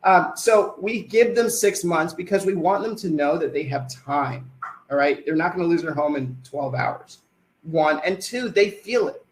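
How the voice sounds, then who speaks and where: Man giving a webinar sales pitch. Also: normal speed, echoey room, rough recording. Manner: talks to attendees, asks questions, answers them himself. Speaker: sales presenter.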